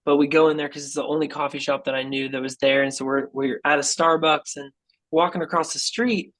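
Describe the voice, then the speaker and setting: A man's voice: a little high, fairly even intonation, brisk, fairly bright tone, poor audio. A man guest on a podcast telling a personal story in a casual, earnest way, often saying "dude" and "like.". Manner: acts out quoted people in his story. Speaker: guest musician.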